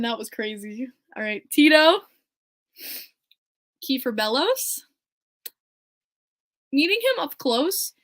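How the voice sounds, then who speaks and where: A woman hosting her own podcast in casual, excited chat, gushing and laughing often. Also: medium pitch. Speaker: podcast host.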